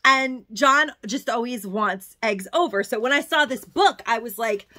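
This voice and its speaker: A middle-aged woman talking through her shopping haul in a casual, chatty way. She gushes over what she found. Her voice is bright and forward, pitched a little high. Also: lively intonation, normal speed, hardly any pauses. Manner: effusive, chatty, gushing. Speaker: haul video host.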